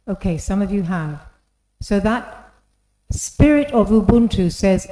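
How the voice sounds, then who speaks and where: A woman's voice: medium pitch, animated, a little slow, dark tone. A woman giving an inspirational talk in an engaging storytelling manner, often asking the audience questions. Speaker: speaker. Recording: echoey hall.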